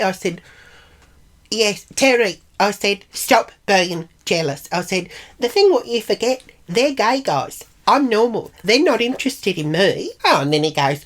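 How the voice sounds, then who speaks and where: A woman's voice: medium pitch, very animated, moderate pace. A middle-aged Australian woman vlogging in a chatty, blunt, sweary manner, acting out the arguments she retells. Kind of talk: casual monologue vlog.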